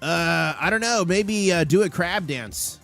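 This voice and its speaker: A man hosting a live stream with market commentary, excitable and rattling off prices and numbers. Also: high-pitched, unhurried, vocal fry, soft background music. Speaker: livestream host.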